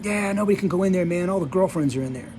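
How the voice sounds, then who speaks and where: A man's voice: high voice, racing, a little hiss or hum, close to an everyday voice. Man putting on a hyped-up rock drummer dude. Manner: excited surfer-style talk, calls everyone dude and man. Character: hyped young male rock drummer, excitable party dude.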